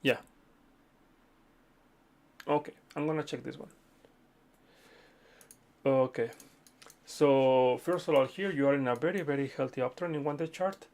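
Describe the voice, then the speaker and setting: Gravelly-voiced man hosting a live chart stream. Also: mid-range voice, measured pace, long pauses, a little mellow. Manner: chatty, repeats okay, addresses viewers as friends. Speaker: livestream host reading viewer chart requests. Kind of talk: casual live chart analysis.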